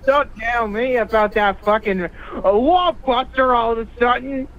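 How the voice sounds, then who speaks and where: Very high-pitched man on a tinny phone line. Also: measured pace. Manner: hurls long strings of profane insults. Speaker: caller. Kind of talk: insult-trading phone call.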